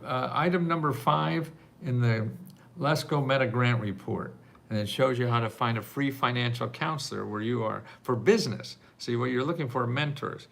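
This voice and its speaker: An older man's gravelly, mid-range voice, fairly bright in tone, moves at a normal speed as he hosts a casual live Q&A. He answers viewers' grant questions in a rambling, talkative way, often breaking into laughter.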